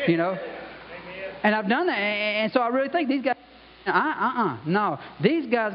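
A pastor with a voice that sits high for a man gives a brisk, conversational sermon, dropping in "you know" and "okay" along the way, with lively intonation. The sound is dull, with a little hiss or hum and the long reverb of a church sanctuary.

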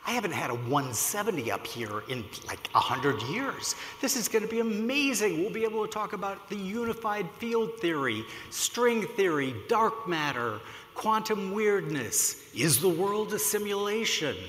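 An excitable older male genius welcoming new arrivals to heaven, as a male speaker puts him on, his voice bright and bouncing with delight. The lines ring out in a big echoing hall with a long reverb tail. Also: high-pitched, normal speed, a little hiss or hum, pitched above the performer's own voice. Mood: thrilled.

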